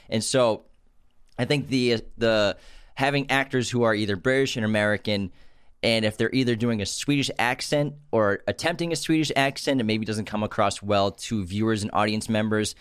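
A man with a somewhat low voice co-hosting a casual podcast, sharing film facts in a relaxed, informative way. The sound is dry and close to the mic. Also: no room sound. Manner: relaxed, informative, trails off with fillers. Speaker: podcast co-host.

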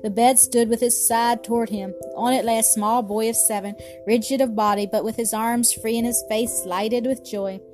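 A woman reads a storybook aloud in a steady, measured way. Her voice sits fairly high, and quiet music runs faintly underneath. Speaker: narrator. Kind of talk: storybook narration.

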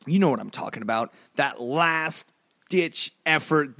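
Speaking slowly in a creaky voice, a male podcast host casually shares a humorous childhood story stuffed with "like" and playful asides. He's animated, bouncing between quiet mumbles and loud high exclamations, captured in clean studio sound without echo.

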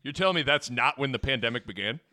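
A man's voice: medium pitch, animated, quick pace, bright, forceful tone. A man hosting a sports talk show, rambling casually and joking, piling on analogies. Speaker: sports radio host.

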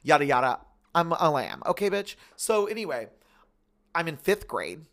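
A man's voice: on the high side, normal speed. A man in his thirties, co-hosting a podcast, telling a story in casual chat with lots of "like" and acted-out quotes. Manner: animated, full of "like", acts out quoted voices. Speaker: podcast co-host.

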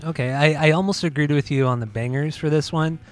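A man's voice: fairly high pitch, fairly quick, faint music behind. A man co-hosting a podcast, chatting casually about albums, laughing easily and swearing now and then. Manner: laid-back, laughs often, swears casually. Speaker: podcast co-host. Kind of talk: casual chat.

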